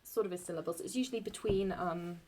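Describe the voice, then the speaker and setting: A young woman explaining Latin verse in a casual, halting way, often stopping to correct herself as she writes. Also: lowish voice, darkish tone. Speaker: Latin teacher.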